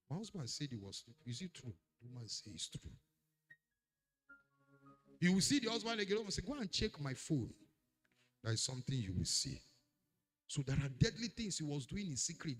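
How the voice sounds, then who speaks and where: A man preaching a sermon, swinging between loud declarations and hushed warnings. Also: mid-range voice, big pitch swings, fairly quick, long pauses, soft background music. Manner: dramatic, swings from shouting to hushed. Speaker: pastor.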